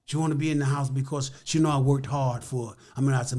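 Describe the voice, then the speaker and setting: A man's voice: medium pitch, steady tone, quick pace, mellow. An older man with a Chicago accent, an interview guest telling a heartfelt story in an emphatic, repetitive, preacherly way.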